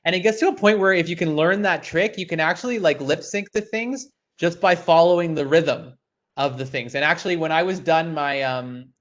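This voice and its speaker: Man, fairly high voice, lively, teaching puppetry over a video call, dull lo-fi sound. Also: normal speed. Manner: animated, demonstrates puppet voices, asides. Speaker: puppeteer and workshop leader. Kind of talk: virtual workshop teaching. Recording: dull lo-fi online call audio.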